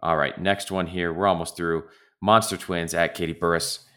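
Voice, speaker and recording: A podcast co-host chats casually about soccer in a low, level voice that is bright and forceful, at a moderate pace. He rambles and keeps interrupting himself with restarts.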